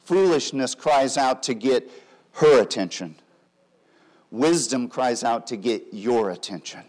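A man preaching a sermon, swinging between loud emphatic lines and soft, quiet drops. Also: medium pitch, expressive, a little slow. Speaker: pastor.

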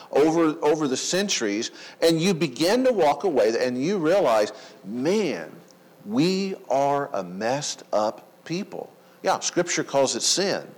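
A man preaching a sermon, emphatic, with dramatic pauses and rhetorical questions. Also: a little high, poor audio. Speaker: pastor.

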